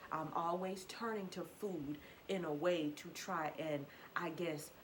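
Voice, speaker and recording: A woman's voice: lowish voice, a little hiss or hum, poor audio. A young woman giving a candid, confessional personal testimony, repeating herself and asking the listener questions. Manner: earnest, repetitive and confessional, with rhetorical questions. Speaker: faith vlogger.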